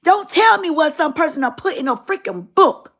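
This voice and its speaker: A woman's voice: very high-pitched, very animated, normal speed, voice pushed up, exaggerated voice. A woman telling a story voices her stern older father as he scolds bluntly and dismissively. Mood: scolding.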